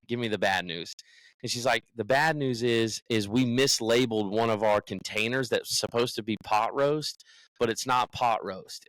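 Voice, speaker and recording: A man's voice: lowish voice, fairly bright tone, no room sound, poor audio. A young man from the United States, a podcast co-host, tells a story in casual chat and acts out what other people said.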